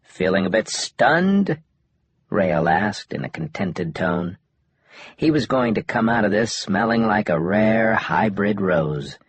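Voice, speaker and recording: A male audiobook narrator with a husky, low voice and lively pitch movement. The sound is dry and close. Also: measured pace, no room sound. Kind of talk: scripted narration.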